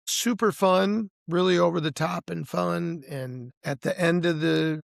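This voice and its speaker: Casting: gravelly, slightly high male musician, laid-back anecdotal interview talk, dry close sound. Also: a little slow, dry recording. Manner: relaxed storyteller, restarts and "you know"s. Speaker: blues musician guest. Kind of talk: casual interview chat.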